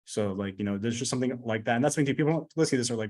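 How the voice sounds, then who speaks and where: Fast-talking blunt man, casual podcast guest. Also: medium pitch, a little mellow. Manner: blunt and profane, rambling with fillers.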